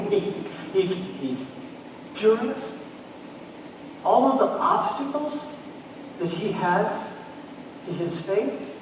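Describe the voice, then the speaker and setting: Male pastor, high voice, lively storyteller, very roomy church hall, mic at a distance. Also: drawn-out words, long pauses, background noise. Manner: animated storytelling, acts out quoted voices. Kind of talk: sermon.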